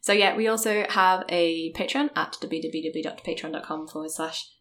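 Woman, podcast guest, hesitant casual chat, low-ish voice. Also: normal speed, a bit bright. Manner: hesitant, many ums and restarts.

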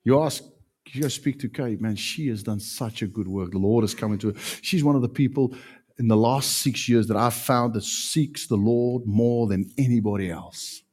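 A man preaching a sermon as pastor, emphatic, with sudden loud peaks. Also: lowish voice, moderate pace.

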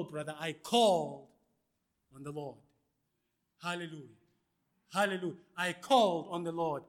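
A male pastor, preaching a sermon and calling out to the congregation for responses, with swings between loud and hushed lines. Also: fairly high pitch, normal speed, long pauses.

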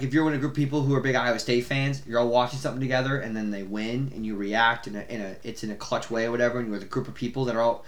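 A young adult man co-hosting a podcast, chatting casually about sports in a rambling, swearing, animated way. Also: mid-range voice. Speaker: podcast co-host.

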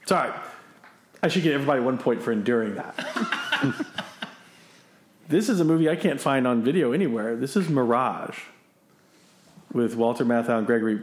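A man's voice: medium pitch, echoey room. A man hosting a casual podcast movie quiz, chatty and self-deprecating, laughing often. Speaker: quiz host.

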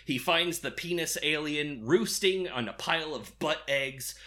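Sarcastic guy recapping a movie, really bright edgy voice, bit high. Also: measured pace. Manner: sarcastic, crude, laughing often. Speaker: podcast co-host recapping a movie. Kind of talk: casual comedic chat.

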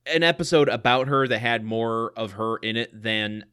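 Bright-voiced male podcast co-host. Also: medium pitch, normal speed, smooth. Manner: chatty, hesitant with ums, teasing. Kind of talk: casual chat.

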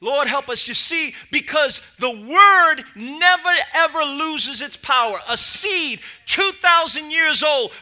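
A middle-aged man preaching a sermon as lead pastor, impassioned, swinging between shouted peaks and low asides.

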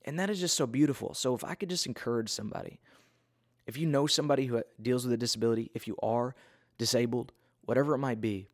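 A man's voice: mid-range voice, fast, no echo, clean studio sound. A man giving a casual, earnest Bible talk in a conversational, self-deprecating way.

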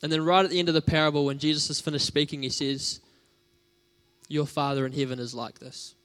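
A man's voice: a little high, level tone, brisk, a bit bright, clean tone. A man preaching a sermon in a conversational, storytelling way, with casual fillers.

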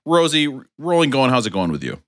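A man hosting a podcast in casual comedic chat, teasing his co-hosts with jokey, deadpan asides. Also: mid-range voice, fairly quick, no echo. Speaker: podcast host.

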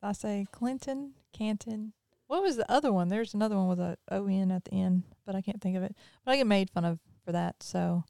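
Host: woman, Southern accent with Northern touches, mid pitch, crisp, chatty. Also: fast talker, few pauses, warm tone, dry recording, clean studio sound. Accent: Mississippi Southern with some Northern. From Mississippi. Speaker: podcast host. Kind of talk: casual chat.

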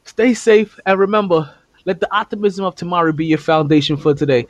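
A man's voice: sits high, fairly even intonation, brisk, no echo. A man hosting a casual sports podcast, laughing often and rambling, recorded on his phone. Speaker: podcast host.

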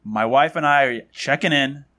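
Animated man telling a story. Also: medium pitch, normal speed. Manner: animated storyteller, acts out quotes. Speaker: podcast host. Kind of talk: casual storytelling chat.

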